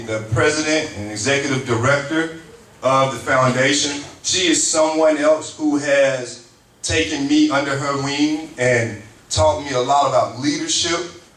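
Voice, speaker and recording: Emceeing a community town hall, this university teacher speaks with earnest gratitude as he thanks people and introduces speakers. He has a fairly high pitch, fairly bright tone, and measured pace. The audio is roomy, distant from the mic, with faint noise.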